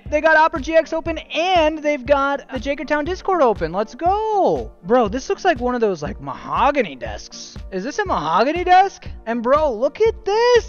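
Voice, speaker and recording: A man's voice: very high-pitched, dull audio. A young man streaming, giving casual joking commentary as he rates viewers' gaming setups, often saying "dude" and "bro". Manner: jokey, animated, says "dude" and "bro" a lot.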